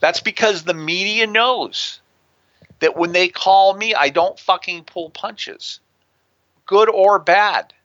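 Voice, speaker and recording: A man's voice: high-pitched, takes it slowly, fairly bright tone, no room sound, highs cut off. A man in an interview telling stories in a brash way and swearing freely. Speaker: guest, prison consultant. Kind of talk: profane storytelling in an interview. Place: near a big city on the US West Coast.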